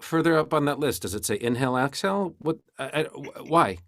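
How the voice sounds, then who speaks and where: Casting: man as fed-up accountant next door, deadpan, lively pitch, dry close sound. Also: fairly quick, dry recording. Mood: exasperated. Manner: exasperated, deadpan, stammering. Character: exasperated middle-aged accountant neighbor Marcus. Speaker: improv performer. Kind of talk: improvised comedy scene.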